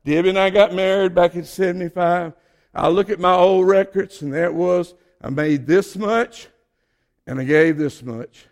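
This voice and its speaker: An older man from Georgia with a Southern accent, preaching a sermon and swinging between quiet asides and loud exhortation. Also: high voice, normal speed. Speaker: pastor.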